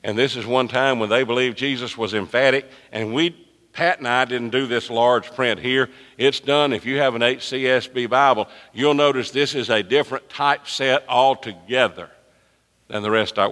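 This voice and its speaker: A pastor preaching a sermon to his congregation. His voice rises and drops sharply in pitch and volume as he presses his points. The sound carries the long reverb of a large church sanctuary. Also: a bit bright. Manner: emphatic preaching with wide swings in pitch and volume.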